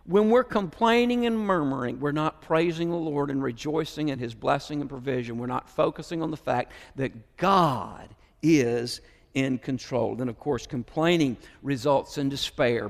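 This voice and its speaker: A man with a Southern American accent preaching a sermon, moving between soft musing and raised, emphatic preaching. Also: mid-range voice, normal speed, gravelly. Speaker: pastor. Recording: hall reverb.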